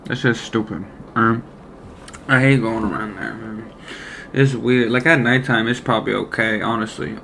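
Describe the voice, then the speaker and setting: A man's voice: fairly low pitch, steady tone, moderate pace, creaky, a bit bright, a little hiss or hum. A young man casually telling a personal work story, rambling and profane with lots of slang fillers. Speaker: former deli worker telling a story.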